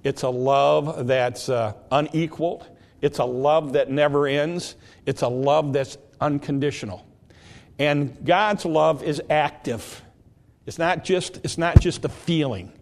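A man preaching a sermon, slow and deliberate, drawing out the scripture he quotes. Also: fairly high pitch, fairly even intonation, creaky. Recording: long hall reverb.

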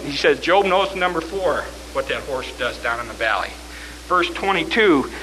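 A man preaching a fervent sermon, swinging from shouts to hushed tones. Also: a little high, animated, moderate pace, a little hiss or hum, rough recording.

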